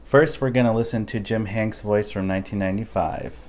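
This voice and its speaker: A man's voice: on the low side, brisk. Laid-back man reviewing toys. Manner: relaxed, thinking aloud with fillers. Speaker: toy reviewer. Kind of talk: casual product review.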